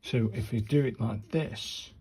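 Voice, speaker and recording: A man's voice: mid-range voice, unhurried, darkish tone, slightly rough. A man, talking viewers through handwriting practice in a chatty way and muttering to himself as he writes. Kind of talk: casual talk-through while writing.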